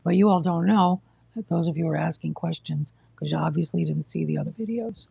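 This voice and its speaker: A husky, gravelly voice, low and mellow, heard dry and close on a casual live stream. The speaker is short of breath, coughs, and talks in a blunt, exasperated, lecturing way. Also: fairly quick, no room sound, dull audio. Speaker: livestream host telling of hospital care.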